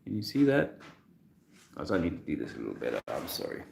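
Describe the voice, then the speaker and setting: A man hosting a casual livestream, talking in a halting way full of restarts and fillers, soft-spoken and emotional at times. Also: a bass voice, wildly swooping pitch, creaky. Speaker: video host. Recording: echoey room with faint noise.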